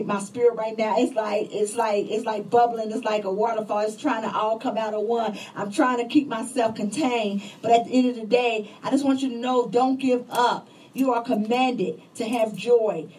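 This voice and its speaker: A woman's voice: on the high side, darkish tone, far from the mic, low-quality recording. A woman preacher delivering a fervent, repetitive sermon, exhorting listeners with restarts and rising emphasis. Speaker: lay preacher, host of a ministry show.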